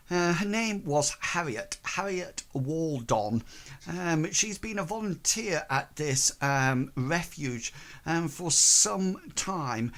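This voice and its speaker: Slow, hesitant game master, a man. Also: fairly high pitch, expressive, a bit bright. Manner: hesitant, full of ums and likes. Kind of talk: narrating a tabletop game.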